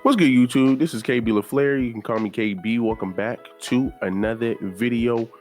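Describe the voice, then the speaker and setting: A man's voice: medium pitch, normal speed, darkish tone, soft background music. A man hosting a casual reaction commentary video, opinionated and repetitive, often adding "man" to his points. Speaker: commentary YouTuber.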